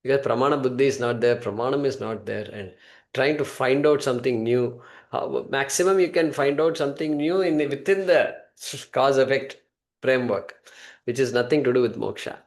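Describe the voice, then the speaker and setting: A man's voice: mid-range voice, normal speed. A man teaching a scripture class, explaining patiently and repeating key points for his students.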